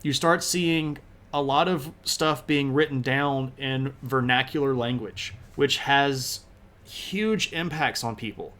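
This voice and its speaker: A man's voice: mid-range voice, takes it slowly, fairly bright tone. A man streaming a live history lecture, talking in a casual, enthusiastic way with plenty of slang.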